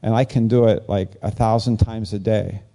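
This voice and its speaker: A pastor delivers a relaxed, conversational sermon, rambling and animated at normal speed. His pitch jumps up whenever he acts out quoted lines.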